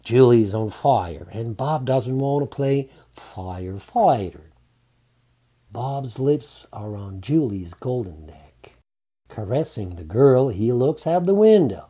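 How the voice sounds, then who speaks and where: A man narrating a romantic audiobook in a calm, unhurried reading. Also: medium pitch, slightly rough.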